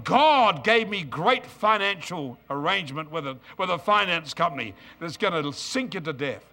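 A man's voice: fairly high pitch, moderate pace, faint music behind. A middle-aged man preaching a sermon, mixing scripture reading with joking stories about married life. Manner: humorous, storytelling, animated asides.

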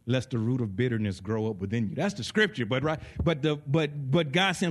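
A man preaching a sermon in an animated way, acting out little voices and laughing along with his listeners. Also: mid-range voice, a little fast, hardly any pauses. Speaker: pastor.

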